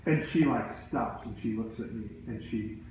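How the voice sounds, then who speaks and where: A middle-aged man, a teacher and coach, telling a story to his students in a casual, animated way full of asides. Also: lowish voice, moderate pace, background noise. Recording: very echoey room.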